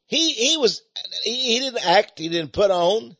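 An older man with an East Texas drawl, preaching in a folksy, rambling way. His voice is husky, and his pitch swings widely between phrases. The sound is dry and a bit dull, like a lo-fi recording. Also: fairly bright tone, no echo. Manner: folksy, repeats words, chuckles. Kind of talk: folksy sermon-style talk.

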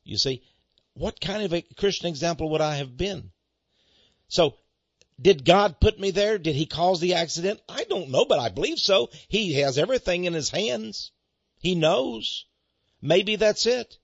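A man's voice: sits high, animated, unhurried, vocal fry, dry recording. A male pastor giving a folksy, storytelling sermon on a dull, lo-fi recording. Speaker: pastor and ministry head. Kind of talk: radio sermon monologue.

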